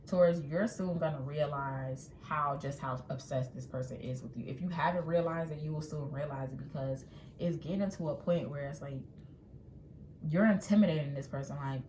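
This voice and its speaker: A woman giving a casual tarot reading in a chatty, animated way, acting out what people might say. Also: low voice. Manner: chatty, animated, acts out quotes. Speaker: tarot reader. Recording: echoey room with faint ambient noise.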